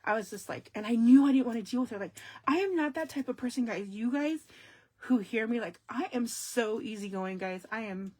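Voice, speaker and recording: A woman hosting a casual crafting live stream, talking straight to her viewers with sudden loud exclamations and hushed asides. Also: fairly high pitch, expressive, brisk.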